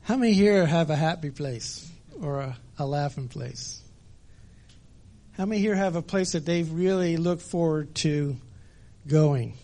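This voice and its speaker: A man's voice: a little high, unhurried, mellow. A middle-aged man giving a conversational sermon at church, telling stories with many fillers. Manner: conversational storytelling with frequent fillers. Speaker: preacher.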